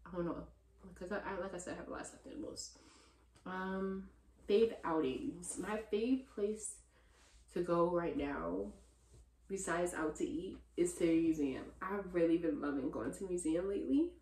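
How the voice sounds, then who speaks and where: A young woman chatting casually in a vlog Q&A, relaxed and slangy, in a room full of stuffed animals. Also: on the low side, normal speed. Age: young adult. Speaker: vlogger. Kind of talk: casual Q&A chat. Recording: roomy echo.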